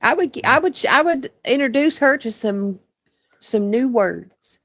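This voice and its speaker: A blunt, fired-up woman with a Southern twang, swearing freely as she co-hosts a political chat show. Her voice sits a little high and comes across dry and somewhat dull, without much room sound. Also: lively intonation, measured pace, a bit bright, no echo. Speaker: co-host.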